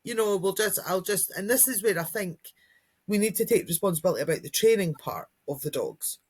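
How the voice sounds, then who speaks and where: A woman's voice: mid-range voice, lively intonation, a little fast, darkish tone, husky. A woman co-hosting a podcast as a dog trainer, chatting casually and acting out what dogs and kids might say. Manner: chatty, acts out dogs' and kids' voices. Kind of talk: casual chat.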